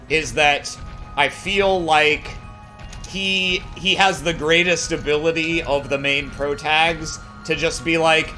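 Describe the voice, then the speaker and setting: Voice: mid-range voice, fairly even intonation, measured pace, pushed and bright, faint music behind. A streamer chatting casually about a game, rambling and swearing freely. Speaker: let's play streamer. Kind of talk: casual chat over a game.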